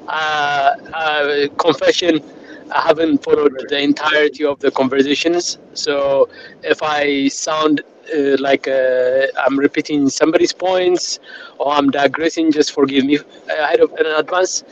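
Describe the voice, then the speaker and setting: A man's voice: a little high, level tone, measured pace, lo-fi sound. A man on a call, rambling with many fillers and restarts while he drives. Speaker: panel participant. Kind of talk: casual discussion on a call. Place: in a moving car. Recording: noisy car call audio.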